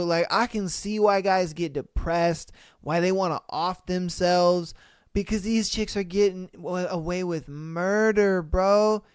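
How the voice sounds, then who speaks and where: Slow-talking, slangy male podcast host. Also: high-pitched, smooth, dry recording, clean studio sound. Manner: slangy, exclamatory, calls listeners bro; reads stories aloud then rants. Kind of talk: casual reaction commentary.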